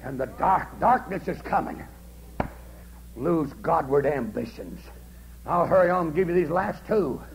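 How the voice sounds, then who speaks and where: A man preaching a holiness revival sermon at a camp meeting, swinging from hushed storytelling to shouted fervor. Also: a little high, lively intonation, measured pace, vocal fry, a little hiss or hum, low-quality recording. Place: large camp meeting service.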